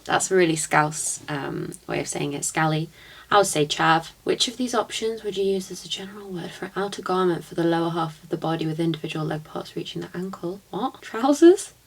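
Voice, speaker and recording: A young woman from near Liverpool, reading quiz questions aloud and chatting about her answers. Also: lowish voice. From northwest England, near Liverpool. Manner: chatty, thinking aloud, quick laughs. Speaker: vlogger.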